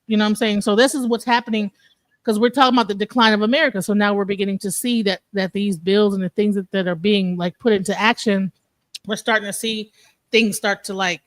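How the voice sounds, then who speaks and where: A man's voice: high voice, fairly even intonation, a little fast, no room sound. A man hosting an online panel talk, rambling with many restarts and fillers. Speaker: show host.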